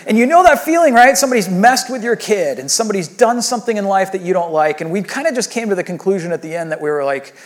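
A man's voice: high-pitched, fast. Conversational man preaching a sermon. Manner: conversational storytelling, swings from lively to hushed. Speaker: pastor.

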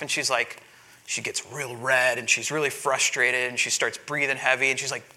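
A man in his thirties preaching a sermon, telling a family story with animated delivery and laughing between lines. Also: mid-range voice, fairly quick. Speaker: pastor.

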